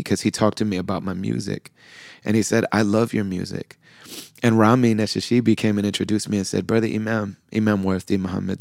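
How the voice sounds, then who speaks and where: A middle-aged man with a very low, deeply gravelly voice tells a reflective personal story as a podcast host. He speaks softly and with feeling, slipping into the voices of people he remembers. The sound is dry and close. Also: no echo. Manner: soft-spoken, heartfelt, with frequent fillers and quoted dialogue.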